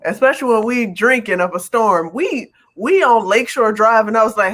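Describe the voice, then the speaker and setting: A woman co-hosting a late-night podcast, telling stories in lively casual chat and often breaking into laughter. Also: fairly high pitch, moderate pace, few pauses. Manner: lively storytelling with bursts of laughter. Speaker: podcast co-host.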